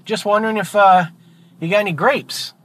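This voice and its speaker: A man's voice: sits high, fairly even intonation, normal speed, fairly bright tone, a little hiss or hum, voice pushed up. A man voicing a cheeky male duck who keeps asking a bartender for grapes, in a breezy, innocent way.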